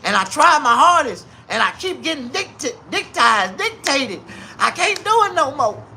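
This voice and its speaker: A man voicing a weary, broke old grandmother who wails high and pleads through tears. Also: big pitch swings, moderate pace, creaky, pushed and bright, slight background noise, full character voice. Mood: tearful. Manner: high wailing voice, cries and pleads.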